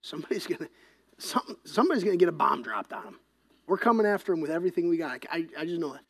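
A pastor preaching an impassioned sermon, swinging between loud emphasis and hushed, whispered passages. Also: mid-range voice, expressive, fast talker, husky.

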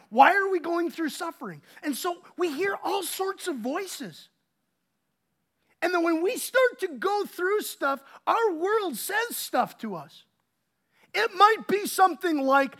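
A man preaching a sermon as pastor, swinging between loud emphasis and hushed asides. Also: very high voice, very animated, normal speed.

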